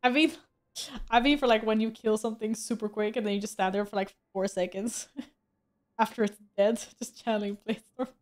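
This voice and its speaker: A woman's voice: mid-range voice, fairly even intonation, moderate pace. A woman streaming a game, chatting casually with viewers, joking at her own expense and laughing often. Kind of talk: casual gameplay stream chat.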